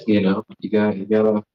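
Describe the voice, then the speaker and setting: A young man from Florida doing a live stand-up set, rambling, self-deprecating and riffing with the crowd. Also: lowish voice. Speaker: stand-up comedian and host. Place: comedy stage. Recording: lo-fi live stream audio.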